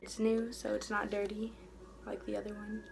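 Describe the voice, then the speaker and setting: A young woman chatting casually while doing her makeup for a beauty vlog, rambling and trailing off softly mid-thought. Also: medium pitch, monotone, normal speed, creaky, a little hiss or hum. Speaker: beauty vlogger. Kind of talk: casual get-ready-with-me chat.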